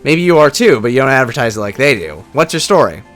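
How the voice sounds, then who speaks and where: A man voicing a tough, friendly Irish woman who used to be a ranger, in a rough, attempted Irish accent, chatting casually. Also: medium pitch, sing-song, fast talker, a bit bright, soft background music. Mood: chatty.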